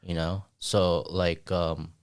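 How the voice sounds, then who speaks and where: A man co-hosting a podcast in casual chat. He talks haltingly, often stumbling and restarting mid-sentence, swears casually, and laughs a lot. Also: low voice, level tone, smooth. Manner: laughs often while talking. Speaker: podcast co-host.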